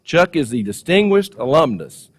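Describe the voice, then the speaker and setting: A man's voice: on the high side, sing-song, moderate pace, slightly rough. A man hosting a college ceremony, introducing the speaker in a genial, joking way. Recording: long hall reverb.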